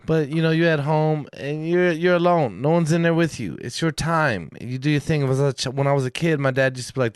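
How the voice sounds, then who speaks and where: A man's voice: medium pitch, clean tone, dry recording, clean studio sound. A man co-hosting a podcast in casual chat, telling long rambling stories with plenty of swearing and acted-out quotes. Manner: profane, rambling storyteller who acts out quotes. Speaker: podcast co-host.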